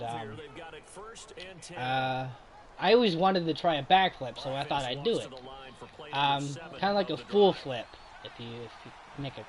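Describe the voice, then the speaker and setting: A man hosting a casual chat, rambling through stories with frequent laughs and trailing off. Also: fairly high pitch. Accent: Boston. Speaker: host.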